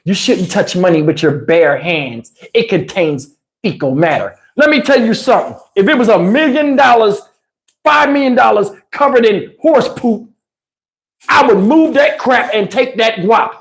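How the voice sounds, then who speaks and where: A man telling a comic story on a livestream in an animated, emphatic, slangy way, with lots of cursing, into a lapel mic. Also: high-pitched, moderate pace. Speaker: livestream host. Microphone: wireless lapel mic.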